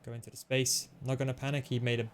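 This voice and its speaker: A man giving fast, analytical play-by-play commentary over his own football video game match, explaining tactics with frequent fillers. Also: mid-range voice, flat delivery, slight background noise. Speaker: gaming tutorial host. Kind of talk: gameplay commentary.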